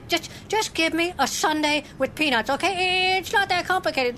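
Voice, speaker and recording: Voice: extremely high pitch, pushed and bright, a little hiss or hum, exaggerated voice. A performer voicing an exasperated male drive-thru customer who stammers and repeats himself as he keeps trying to get his order through. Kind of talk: comic sketch acting.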